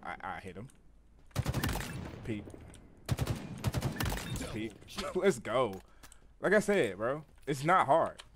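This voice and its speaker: Raging male streamer, lively swearing pitch, loud keys and gunfire in the mix. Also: takes it slowly, long pauses, heavy background noise. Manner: frustrated, profane ranting. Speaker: gaming streamer. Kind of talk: raging gameplay commentary.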